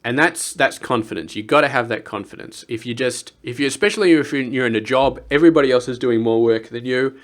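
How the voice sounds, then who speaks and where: A young man, talking earnestly in a casual vlog, rambling with restarts and dropping to quiet asides. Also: medium pitch, fast talker, few pauses. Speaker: vlogger. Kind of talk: casual personal vlog talk.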